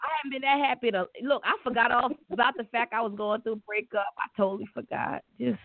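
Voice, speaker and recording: Excitable woman host on a tinny line. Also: a little high, fast talker, dry recording. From Delaware. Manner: excitable, animated storyteller. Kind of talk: casual interview chat.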